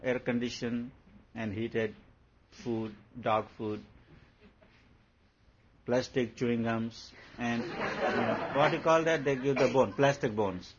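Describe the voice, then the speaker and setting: A male spiritual teacher addresses his followers playfully, laughing and acting out everyday scenes. His voice is mid-range and husky. The audio is dull and lo-fi, with a faint hum behind it.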